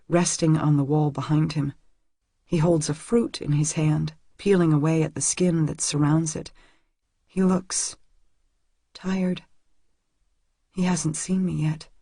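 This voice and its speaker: A woman's voice: deep voice, a little mellow, slightly rough, no echo. A woman narrating a first-person audiobook in an intimate, emotional reading on a close studio mic.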